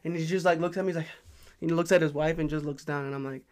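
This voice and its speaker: Fast-talking, rambling man on a podcast. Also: a little high, fairly even intonation, darkish tone, clean tone. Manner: rambling storyteller, many fillers. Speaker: podcast host. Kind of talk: casual chat.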